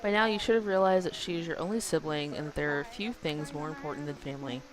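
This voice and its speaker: A woman's voice: sits low, fairly even intonation, fast, close to an everyday voice, low-quality recording. A woman voicing a stern aristocratic mother in a game, reading her lines in a reproachful, lecturing way.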